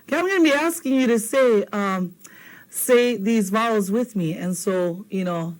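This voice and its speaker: A woman's voice: medium pitch, normal speed, poor audio. A middle-aged woman teaching a language lesson, patiently drilling vowel sounds and coaxing viewers to repeat after her. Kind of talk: slow, patient classroom teaching.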